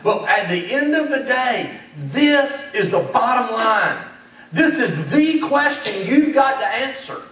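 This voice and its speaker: A man preaching a lively sermon, acting out dialogue and getting fired up as he speaks. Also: extremely high pitch, slow. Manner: animated, acts out dialogue, gets fired up. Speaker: pastor. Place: church sanctuary. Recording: echoey church sanctuary, mic at a distance.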